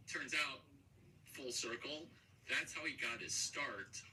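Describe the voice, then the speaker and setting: Man, very bright, jumpy rambling vlogger, profane and erratic, sits back from the mic. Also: medium pitch, measured pace. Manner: erratic, jumpy, sudden loud outbursts. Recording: distant mic with faint background noise.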